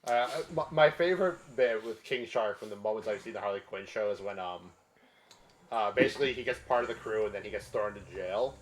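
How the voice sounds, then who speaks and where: A young man chatting casually during a charity game marathon, retelling cartoon bits in a relaxed, amused way. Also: fairly low pitch, a little fast. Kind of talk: casual chat.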